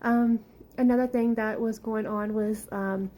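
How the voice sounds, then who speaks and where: A woman talks through her spiritual visions in a casual, meandering way, leaning on fillers as she goes. Her voice sits a little high yet sounds mellow and soft. She speaks with heartfelt earnestness and is at times near tears. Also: fairly even intonation, unhurried, rough recording. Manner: rambling, earnest, many fillers; emotional, close to tears at times. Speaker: spiritual channel.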